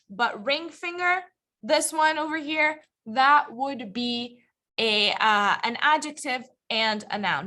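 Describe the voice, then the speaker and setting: Woman teacher going over grammar, high bright voice, slow and patient, keeps asking the class if they get it. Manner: checks understanding often, asking the class questions; patient, encouraging. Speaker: ESL teacher. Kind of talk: live classroom lecture, also streamed online.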